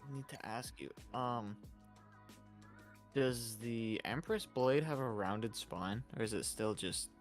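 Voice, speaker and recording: A man's voice: medium pitch, slow pace. A man hosting a livestream, talking casually and swearing freely, with lo-fi music faintly behind him. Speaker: livestream host.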